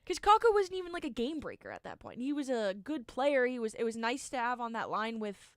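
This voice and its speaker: A woman of about twenty co-hosting a casual sports chat, telling stories in an animated way with lots of fillers. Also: on the high side, a little fast, no echo, clean studio sound. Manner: animated storyteller, filler-heavy. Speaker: sports show co-host.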